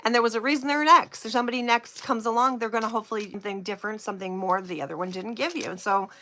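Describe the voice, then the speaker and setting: A woman hosting a casual live stream, chatting and giggling with viewers while slowly reading out oracle card phrases. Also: a little high, fairly even intonation, bright, forceful tone.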